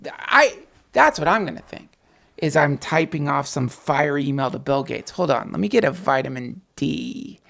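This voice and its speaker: A man hosting a casual night livestream, rambling, swearing and talking excitedly to his viewers. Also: medium pitch, normal speed, vocal fry. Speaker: podcast host on a night livestream.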